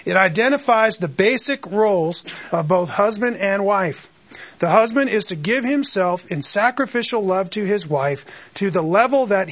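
A man's voice: sits high, a bit bright. A man teaching a Bible lesson to a church group, preaching and asking the room questions. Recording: dull lo-fi sound.

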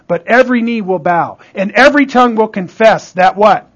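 A man preaching a sermon with emphatic call-and-response, asking "Amen?" and often dropping to a hush for emphasis. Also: high-pitched, normal speed, highs cut off. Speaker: pastor.

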